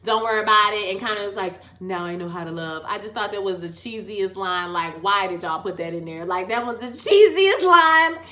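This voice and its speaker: Lively, bright-voiced woman recapping a show. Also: mid-range voice, moderate pace, hardly any pauses. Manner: animated, loud outbursts, breaks into song. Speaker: TV episode reviewer. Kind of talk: casual slangy recap and review.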